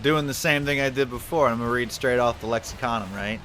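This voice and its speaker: Bright, chatty male voice actor. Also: mid-range voice, fast, slight background noise. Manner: energetic, chatty. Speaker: voice actor teaching a tutorial. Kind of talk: casual tutorial.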